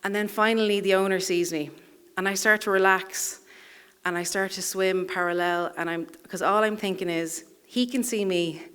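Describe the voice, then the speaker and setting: A woman's voice: medium pitch, fairly even intonation, normal speed, a bit bright, clean tone. A woman telling a personal story live on a theatre stage, in a wry, self-deprecating way, chuckling through her lines.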